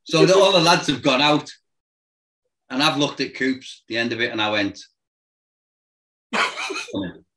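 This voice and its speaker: A former football manager telling lively anecdotes in casual chat, acting out voices and noises and laughing often. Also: male voice, medium pitch, moderate pace, rough recording.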